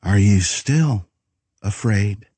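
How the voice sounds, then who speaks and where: A man voicing a calm, faceless shadow man with a soft, accented voice that soothes quietly. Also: on the low side, drawn-out words, breathy edge, no room sound, full character voice. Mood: soothing.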